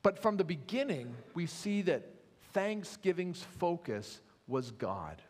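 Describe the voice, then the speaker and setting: A man preaching a sermon as pastor, earnest and measured, trailing softly at phrase ends. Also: sits high, sing-song. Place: church sanctuary. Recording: echoey church hall.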